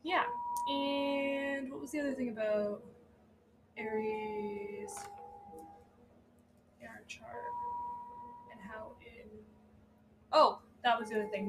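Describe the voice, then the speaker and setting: A woman's voice: medium pitch, vocal fry, noisy background. Chatty swearing woman podcast host. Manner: chatty, swears freely, laughs often. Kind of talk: casual chat.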